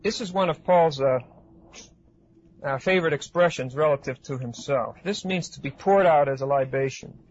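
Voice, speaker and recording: A man giving an expository Bible lecture to a class, pausing often with fillers and checking in with his listeners. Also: a little high, husky. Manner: hesitant with frequent uh fillers, asks class questions. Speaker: Bible teacher. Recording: dull lo-fi recording.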